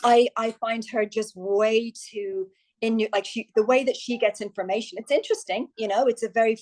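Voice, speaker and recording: A woman's voice: on the high side, steady tone, moderate pace, darkish tone, low-quality recording. A woman guest on a podcast, a success coach talking candidly and telling stories in a chatty way. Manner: chatty, candid storytelling with quoted asides. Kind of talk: podcast interview.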